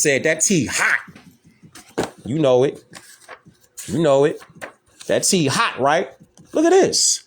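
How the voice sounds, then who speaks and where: High-pitched guy, super lively, slangy casual lecture, keeps repeating questions for emphasis. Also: a little slow, long pauses, slight background noise. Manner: slangy street talk. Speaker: host. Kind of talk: casual lecture showing images.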